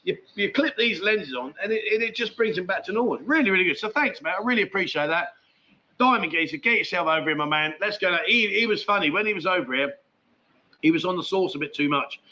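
A man's voice: sits high, expressive, fast, bright, forceful tone, dull audio. A man hosting a casual live chat show, rambling and matey as he answers viewer comments. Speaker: livestream host.

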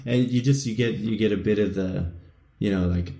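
Low, mellow-voiced male co-host, rambling and self-deprecating, roomy echo. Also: normal speed. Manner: rambling, self-mocking, laughs often. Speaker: podcast co-host. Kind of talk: casual podcast chat.

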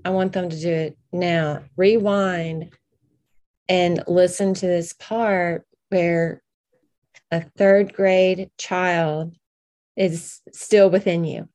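A woman hosting an interview, speaking in a measured, reflective way. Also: on the low side, steady tone, a little mellow. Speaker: host.

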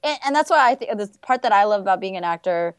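A woman's voice: medium pitch, expressive, quick pace, smooth, dry recording, studio quality. A woman co-hosting a talk show, gushing and chatty with plenty of "like". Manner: gushing, chatty, heavy use of "like". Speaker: host. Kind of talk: casual chat.

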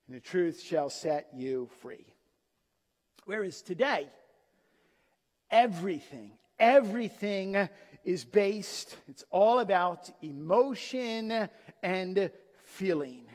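A man's voice: high voice, in a large hall. A man preaching a sermon with emphatic delivery, posing rhetorical questions to his listeners and answering them. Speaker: pastor.

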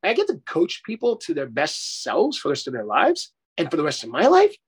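A man's voice: on the high side, wildly swooping pitch, fairly quick, husky. A middle-aged man, a life coach, talking effusively and emphatically in a casual interview, swearing casually.

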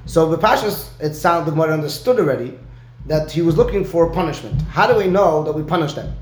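A man's voice: fairly high pitch, fast talker, roomy sound. A man giving a one-on-one Talmud lesson, explaining step by step and often checking in with "right?". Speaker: Talmud teacher.

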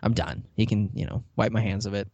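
A man's voice: fairly low pitch, fast talker, breathy edge, no echo, lo-fi sound. A man hosting a podcast, chatting casually as he recaps a TV episode and acts out the characters' lines. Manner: lively retelling, acting out characters' lines with laughs. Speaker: podcast host.

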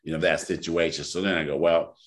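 A man co-hosting a casual podcast, telling stories in an animated way and breaking into loud laughter. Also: a bass voice, fast talker. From Sacramento area. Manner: animated storyteller, bursts into shouting laughter. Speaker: podcast co-host. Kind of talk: casual storytelling chat.

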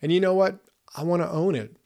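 A man's voice: high voice, brisk, mellow. A man in his fifties hosting a podcast, giving an earnest, emphatic motivational talk straight to his listeners. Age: 50s. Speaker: podcast host.

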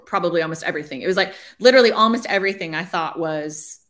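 Her voice sits fairly low and comes out brisk and a bit bright. This is a ministry leader in her forties giving an interview, and her conversational testimony is loose and chatty, sprinkled with "like" as she voices her earlier thoughts.

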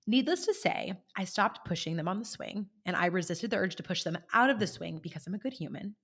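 A woman hosting a coaching podcast in an easygoing, conversational voice. She tells stories with energy and keeps checking in with the listener, pitched right in the middle range for a woman. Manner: animated storyteller, checks in with listeners. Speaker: podcast host and life coach.

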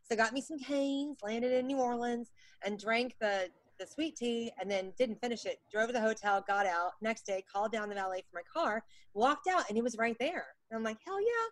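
A middle-aged woman telling stories on a podcast as a guest. She is animated and self-mocking and acts out what people said. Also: fairly high pitch, moderate pace, no echo. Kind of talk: casual storytelling chat.

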